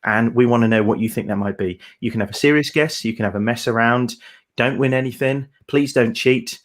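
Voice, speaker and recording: A man's voice: mid-range voice, brisk. A man co-hosting a folk song livestream, chatting casually in a rambling, hesitant way with many fillers.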